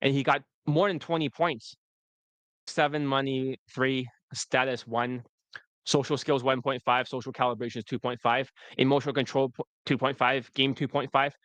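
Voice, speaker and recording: A man's voice: medium pitch, flat delivery, normal speed, a bit bright, no echo. A man coaching on dating in a livestream replay, blunt and profane, with a loose and rambling delivery.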